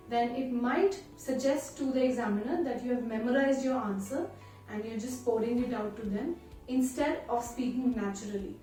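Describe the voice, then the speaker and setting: A woman giving a clear, deliberate video lesson as a test-prep tutor. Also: a little high, warm tone. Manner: clear, deliberate teaching delivery. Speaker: IELTS tutor. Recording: very echoey room, from a distance, faint music.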